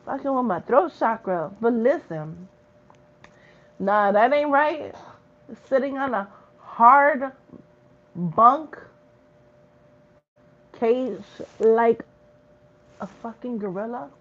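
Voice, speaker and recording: Taking it slowly with long pauses, a spiritual reader preaches in her vlog, her fairly high voice animated. She speaks bluntly, swearing a lot and using street slang, and the recording is muffled.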